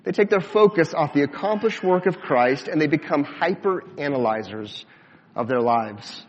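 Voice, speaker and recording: A man preaching a sermon as pastor, measured and deliberate, slowing down for emphasis and dropping low at the ends of phrases. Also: expressive. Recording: dull sound with long hall reverb.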